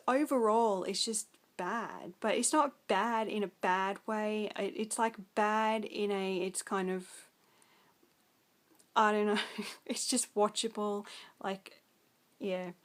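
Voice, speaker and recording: A woman's voice: mid-range voice, slow pace. A young Australian woman with an Australian accent, rambling through a casual film review full of ums and likes.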